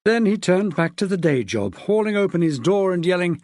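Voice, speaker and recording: A man narrating an audiobook in an expressive way, shifting his pitch for the characters. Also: normal speed, hardly any pauses, dry recording, studio quality. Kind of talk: scripted narration.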